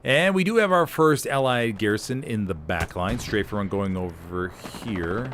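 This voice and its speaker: A man giving energetic, jokey play-by-play commentary on a competitive war video game, drifting into rambling asides. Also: lowish voice, unhurried, noisy background. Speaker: esports caster.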